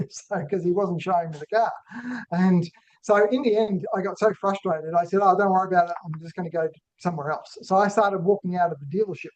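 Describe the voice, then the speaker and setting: A man's voice: high-pitched, a little mellow. A man presenting a business webinar. He talks in a conversational way and keeps checking in with "right?". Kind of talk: business webinar talk with personal story. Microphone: online call microphone. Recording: dull lo-fi webinar audio.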